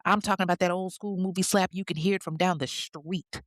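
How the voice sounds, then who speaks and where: A podcast host telling a true-crime story in a chatty, conversational way, full of asides to the listener. The voice sits in a middle pitch. It is recorded close and dry, with no room echo. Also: steady tone, a little fast, fairly bright tone.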